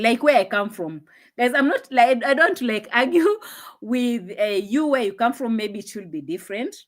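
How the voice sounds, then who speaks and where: On a phone mic, a young woman runs a laid-back live stream, chatting, laughing, and slipping into quiet asides.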